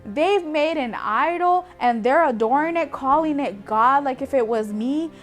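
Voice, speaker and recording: A woman's voice: high-pitched, lively intonation, a little slow, faint music behind. A woman voicing an angry, almighty male God who scolds sternly in a children's story.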